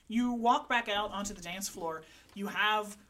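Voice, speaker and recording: A woman's voice: medium pitch, a little slow, fairly bright tone. Woman narrating as game master. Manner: vivid, dramatic narration.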